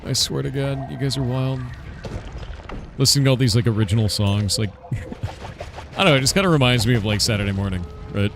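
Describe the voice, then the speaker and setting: A man's voice: medium pitch, fairly quick, gravelly, pauses often, over music. A man streaming a game in casual chat, thinking aloud and swearing under his breath as he plays.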